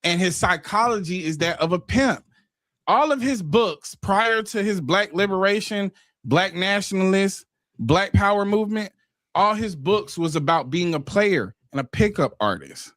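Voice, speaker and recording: High-voiced man, dry and emphatic. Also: expressive, measured pace, a bit bright, no echo. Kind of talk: pointed commentary.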